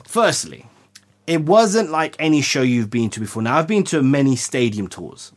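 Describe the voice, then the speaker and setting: A man's voice: mid-range voice, big pitch swings, normal speed. A man co-hosting a casual podcast, chatty and often cutting himself off mid-sentence. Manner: chatty, self-interrupting. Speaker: podcast co-host. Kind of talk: casual chat.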